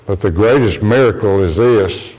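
A man's voice: normal speed, a little mellow, low-quality recording. Earnest preacher man. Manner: earnest, storytelling, rises in pitch when quoting others. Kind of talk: sermon.

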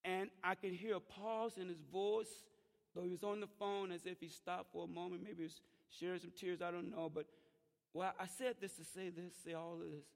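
High, gravelly fervent preacher man. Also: flat delivery, normal speed. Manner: fervent preaching with calls to the congregation. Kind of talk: sermon. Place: church. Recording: long church reverb.

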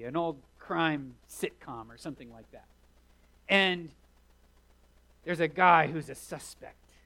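Storytelling preacher with a slightly high voice. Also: male voice, rough recording. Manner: storytelling, vivid retelling with rising emphasis. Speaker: pastor. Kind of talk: sermon.

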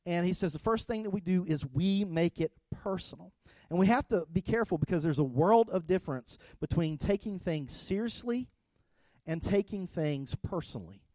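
Middle-aged preacher guy, high-ish voice, chatty sermon, dry close sound. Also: moderate pace, no room sound. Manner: conversational, storytelling, rising to loud animated retelling. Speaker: pastor.

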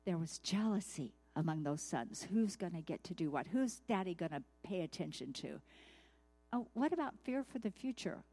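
A woman's voice: lowish voice, animated, normal speed, dark tone, soft background music. A woman teaching a devotional sermon in a conversational way, often asking her listeners questions. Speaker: Bible teacher.

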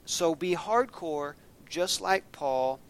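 A man's voice: a little high, expressive, takes it slowly. A man preaching a sermon, folksy and storytelling, acting out scenes with a raised voice.

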